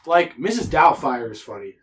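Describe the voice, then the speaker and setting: A man's voice: mid-range voice, big pitch swings, moderate pace, fairly bright tone, a little hiss or hum. A man co-hosting a podcast in casual, crude, joking chat, often trailing off with fillers. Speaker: podcast co-host.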